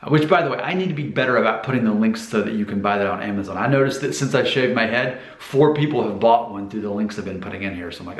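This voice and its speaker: A man's voice: fairly low pitch, fast talker, few pauses. Chatty American man in an echoey room. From United States. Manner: chatty, self-promoting, rambling with fillers. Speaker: vlogger giving hair advice. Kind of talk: casual talking-head vlog.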